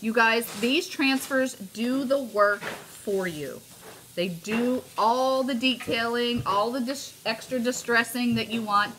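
Bright, chatty woman crafter. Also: on the high side, slow, slight background noise. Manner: chatty, addresses viewers as "you guys", laughs often. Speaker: craft demonstrator. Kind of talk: casual live craft tutorial.

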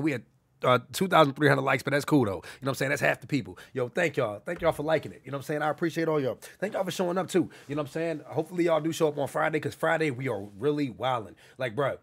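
Fast, gravelly young man streaming. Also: on the high side. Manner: hyped, profane, repeats catchphrases. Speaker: livestream host. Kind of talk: casual livestream chat.

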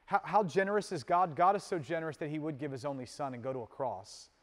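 A male pastor delivers a sermon with a fairly high voice. He swings from loud, emphatic peaks to soft, intimate asides, keeping a casual, conversational manner. The sound carries a long hall reverb, as in a church sanctuary. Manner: conversational, with casual fillers and quick laughs.

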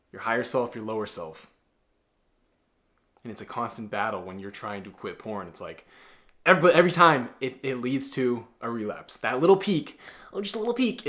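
A man's voice: mid-range voice, fairly bright tone. A man giving a casual motivational talk to the camera as a self-improvement coach, blunt and profane, calling the viewer bro.

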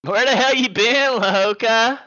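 A man's voice: very high-pitched, measured pace, pushed and bright, dull audio, voice pushed up, heavily acted. A man putting on a brash, flirty male party rapper for a live stream. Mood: teasing.

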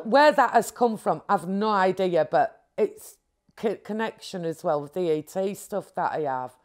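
A woman, recounting a personal experience in an interview in a rambling, animated way with frequent restarts. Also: medium pitch. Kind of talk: candid personal storytelling.

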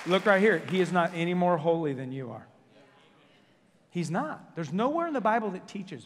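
A man preaching a sermon as senior pastor, joking and telling stories with quick self-corrections, in a church sanctuary. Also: high-pitched, in a large hall, crowd noise, background noise. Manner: jokey, animated storytelling with self-corrections.

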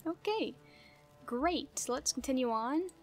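Woman chatting slow thru a game, kinda high voice, yells + laughs at enemies, faint music behind. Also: lively intonation. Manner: playful, easily startled, laughs often, yells at enemies. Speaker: gaming video creator. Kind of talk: casual gameplay commentary.

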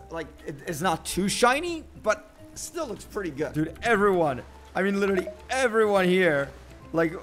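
A young man casually commentating his gameplay with an excitable, boastful joking manner, his voice hoarse from screaming. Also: on the high side. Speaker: gaming video host. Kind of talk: casual let's-play commentary.

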